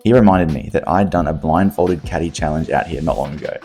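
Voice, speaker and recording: Australian man, very low voice, dry self-mocking vlog narration over faint music. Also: fairly quick, mellow. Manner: wry, self-deprecating delivery. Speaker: vlogger narrating.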